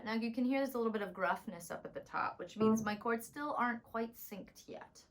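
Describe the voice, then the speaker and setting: A woman voice teacher talks through a warm-up routine with a worn, hoarse voice. A slight rumble sits under her speech. She stays calm and instructive, pausing to demonstrate exercises. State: hoarse, tired voice. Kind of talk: vocal warm-up lesson.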